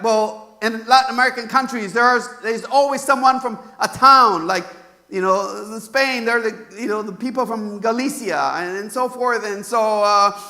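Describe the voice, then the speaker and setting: A man's voice: very high voice, pushed and bright. A man from California preaching a sermon in a conversational way, full of fillers and rhetorical questions. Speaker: pastor.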